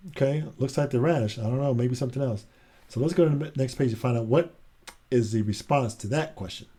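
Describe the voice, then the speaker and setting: A man's voice: medium pitch, a little fast, mellow, breathy edge. A man reading a children's picture book aloud in a casual, chatty way, adding asides between pages.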